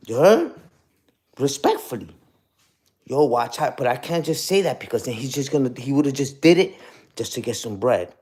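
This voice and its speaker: A man's voice: mid-range voice, big pitch swings, normal speed, a little mellow. A young man ranting on a casual livestream, profane and combative, ending lines with "you heard?". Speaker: streamer.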